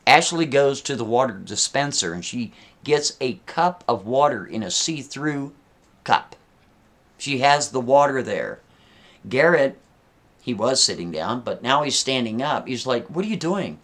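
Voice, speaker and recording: A man's voice: mid-range voice, expressive, a little slow, a bit bright. A man telling a story casually, talking straight to his listeners with frequent asides. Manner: conversational, addressing listeners with asides.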